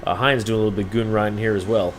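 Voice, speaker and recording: A man co-commentating an esports race, dry and sarcastic but quick to get excited. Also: on the low side, a little hiss or hum.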